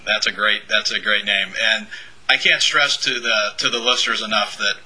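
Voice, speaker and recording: A male radio host with a low voice that still cuts through with a very bright, tense edge. His tone is husky, and he sounds enthusiastic, speeding up when he gets excited. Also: moderate pace, rough recording. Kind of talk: radio interview.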